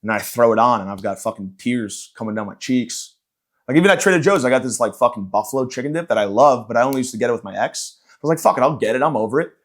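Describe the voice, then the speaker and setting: A man's voice: medium pitch, animated, quick pace. A man hosting a podcast, ranting in a profane, sarcastic, rambling comedic style. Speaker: podcast host and stand-up comedian. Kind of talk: casual comedic rant.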